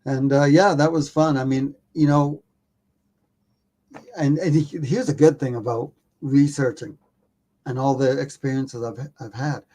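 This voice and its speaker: Male podcast guest, mid-pitched, a casual and self-mocking storyteller who swears offhandedly. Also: steady tone, measured pace, mellow. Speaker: podcast guest, documentary filmmaker.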